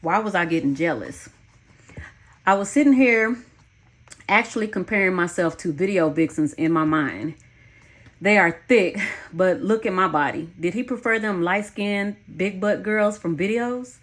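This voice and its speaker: A woman's voice: medium pitch, a little slow. A woman narrating a first-person memoir audiobook in a frank, blunt way, swearing freely.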